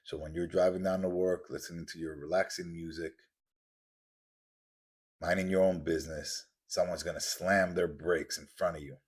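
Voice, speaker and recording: Speaking in a low, husky voice at a moderate, steady pace, the podcast host preaches motivation intensely. He repeats himself a great deal and performs the voices of people he quotes.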